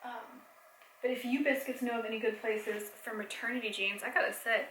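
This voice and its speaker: A young adult woman chatting casually in a home vlog, rambling with fillers and soft laughs, a bit tired. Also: fairly high pitch, steady tone, a little fast, reverberant, slight background noise, rough recording. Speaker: vlogger and mom. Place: home, indoors.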